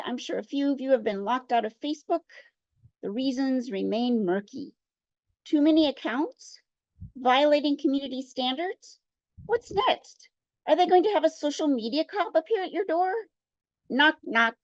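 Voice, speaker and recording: Woman poet, comic reader, high-pitched and animated, casual and playful. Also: no room sound. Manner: chatty, playful, laughs between pieces. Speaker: poet guest. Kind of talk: comic poetry reading. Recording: dull, dry sound.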